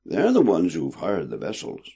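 A man voicing a calm, knowing old male sailor with a croaky voice. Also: sits low, normal speed, exaggerated voice. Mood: knowing, matter-of-fact.

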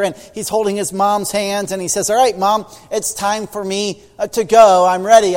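A middle-aged pastor with a high, darkish voice preaches a sermon, telling stories and acting out the voices of the people in them. The recording carries a long hall reverb.

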